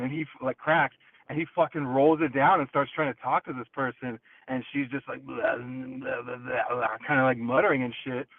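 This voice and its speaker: A man calling in from his car, telling a story in an excitable, profane way over the phone. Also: medium pitch. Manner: profane, excitable, acts out quotes. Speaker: caller. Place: in a car, driving. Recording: tinny phone line.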